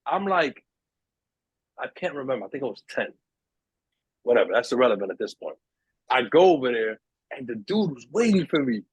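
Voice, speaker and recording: A man's voice: mid-range voice, normal speed, pauses often, slightly rough, dry recording, poor audio. A young man telling a story in casual chat with friends, acting out the other people's lines. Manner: animated storyteller, acts out voices in quotes. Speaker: podcast host.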